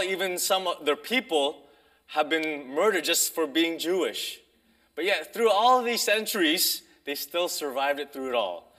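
Bright-voiced man preaching a sermon. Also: fairly high pitch. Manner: conversational, pausing, restarts with fillers. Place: church sanctuary.

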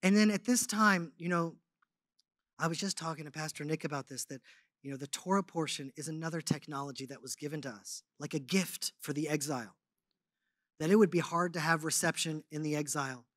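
A man speaking to a congregation, telling a personal story and teaching, swinging between loud animated stretches and hushed ones. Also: on the high side, a little fast, dry recording, studio quality. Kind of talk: testimony and sermon.

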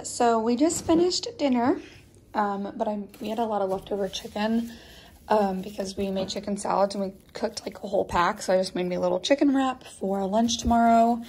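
A woman's voice: mid-range voice, darkish tone, slight background noise. Chatty young woman vlogging. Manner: chatty, conversational. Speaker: kindergarten teacher. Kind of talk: casual vlog chat.

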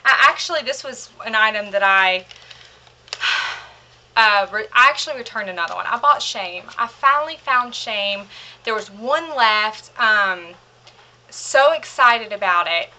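This young beauty vlogger's voice is fairly high, expressive, pushed and bright, and she takes it slowly. Chatting through a makeup haul, she gushes and rambles with many fillers, slightly out of breath as she hurries.

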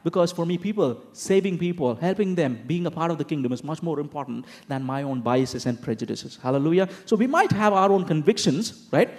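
A man's voice: fairly high pitch, a little fast, few pauses. A man preaching a sermon in a conversational style, explaining scripture with frequent asides and rhetorical questions. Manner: conversational, animated preaching with frequent "you know" and "okay?".

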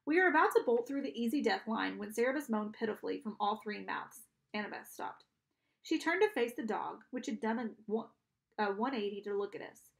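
A woman reading a children's novel aloud in an expressive narrating style. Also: medium pitch, a little fast, vocal fry. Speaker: audiobook reader. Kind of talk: storybook narration.

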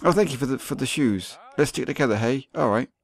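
Sweary gamer commentating. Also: male voice, mid-range voice, fast. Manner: sweary, sarcastic running commentary. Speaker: gaming YouTuber. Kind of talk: let's play commentary.

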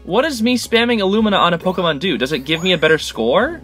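An excitable man narrates his own gameplay and chatters at the creatures on screen. His voice sits fairly high, with a bright edge. His pitch leaps up and down all the time, and faint game music plays behind him. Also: fast. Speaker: gaming channel host. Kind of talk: let's-play commentary.

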